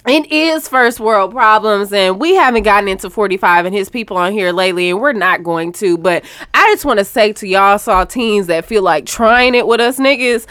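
A young woman co-hosting a casual podcast, telling stories loudly and with lots of profanity. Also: expressive, normal speed, hardly any pauses, clean tone, no room sound. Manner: loud, profane storytelling with big pitch jumps. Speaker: podcast co-host. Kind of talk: casual chat.

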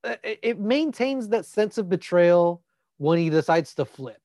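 A man's voice: high voice, lively intonation, unhurried, a little mellow, no echo, clean studio sound. A man co-hosting a casual podcast chat, laid-back, laughing often and swearing casually. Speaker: podcast co-host.

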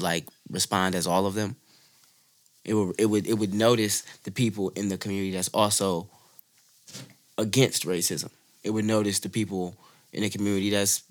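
A man co-hosting a casual podcast chat, asking long, winding questions with an animated delivery. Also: sits low. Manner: animated, questioning, laughs often.

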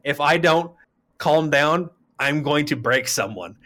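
A man from Arizona co-hosting a podcast, telling a story in casual chat with a profane, heated delivery that jumps to shouting. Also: on the high side, lively intonation, measured pace. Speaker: podcast co-host.

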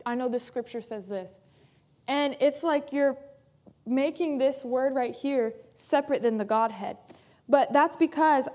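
A woman pastor preaching a sermon in an earnest, emphatic way, repeating key phrases for weight. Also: high-pitched.

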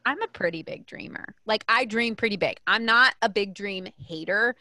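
An energetic woman author and coach, speaking as a guest in a relaxed interview. She talks emphatically and often restarts her sentences. Her voice sits in a middle pitch and sounds close and dry, with little room sound. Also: moderate pace, no echo.

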